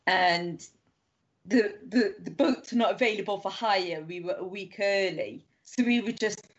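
Brief: woman guest, casual rambling storyteller, mid pitch, dull lo-fi audio. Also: unhurried. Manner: rambling anecdotes full of "like", acting out quoted voices. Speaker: guest author. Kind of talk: casual chat. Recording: muffled lo-fi sound.

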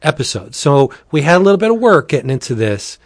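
A man's voice: on the high side, very animated, quick pace, no echo. Pennsylvania guy on a podcast, chill and jokey, dry sound. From Pennsylvania, USA. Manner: laid-back, jokey, stumbles over words. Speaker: podcast co-host. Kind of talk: casual chat. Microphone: home recording setup.

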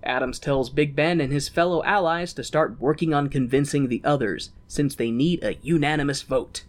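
A man's voice: on the high side, moderate pace. A man co-hosting a podcast, retelling a story in a rambling, laughing casual chat. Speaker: podcast co-host.

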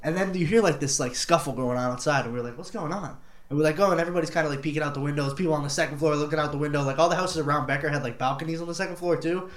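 A man's voice: fairly high pitch, rapid-fire, few pauses, roomy sound. Rambling young man telling a story. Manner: rambling, filler-heavy storytelling, laughs often. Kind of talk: casual chat, storytelling.

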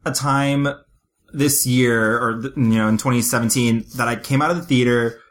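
Male podcast host, mid-pitched, raving casually about films, loose and unfiltered. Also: fairly even intonation, moderate pace. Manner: gushing, enthusiastic, swears casually. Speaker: podcast co-host, film reviewer. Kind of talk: casual chat.

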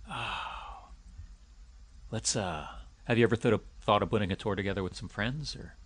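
A man hosting a podcast in casual chat, wry and teasing, with sudden jumps in loudness. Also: lowish voice, moderate pace, breathy edge. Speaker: podcast host.

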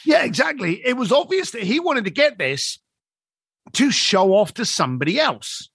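A man's voice: very high-pitched, moderate pace, gravelly, breathy edge, no echo, studio quality. A man telling a story as a podcast guest, acting out the dialogue as he goes. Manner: animated storyteller who acts out quoted dialogue.

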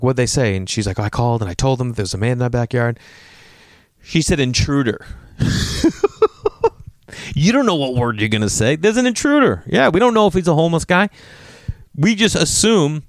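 Animated, expressive man telling a story. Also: mid-range voice, no echo, studio quality. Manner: animated, profane, acts out quotes. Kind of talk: casual storytelling.

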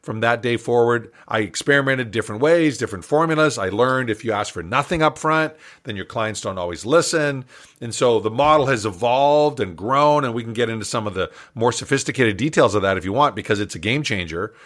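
An older man, an entrepreneur guest in an interview, telling a story in a lively, animated way with frequent laughs. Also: medium pitch, brisk.

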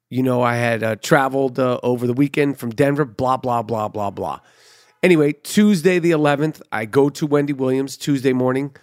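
A man's voice: medium pitch, no echo, studio quality. A man hosting his own podcast, retelling a story casually and profanely, acting out the dialogue. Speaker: podcast host.

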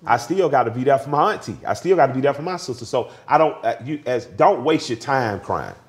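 A man, a guest telling family stories candidly, swinging between laughter and quiet grief. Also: medium pitch, lively intonation, brisk. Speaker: interview guest. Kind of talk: candid conversational storytelling.

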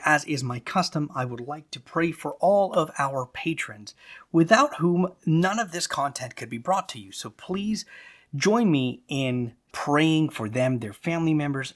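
A man hosting a devotional podcast, speaking earnestly and leading prayers in a measured, exhortative way. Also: mid-range voice. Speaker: podcast host.

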